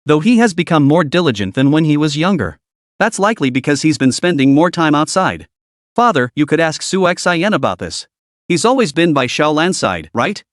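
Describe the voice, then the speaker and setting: A man voicing a level-headed young noble son in an animated story recap, speaking evenly and thoughtfully. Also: on the high side, moderate pace, no room sound, clean studio sound. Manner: even, thoughtful.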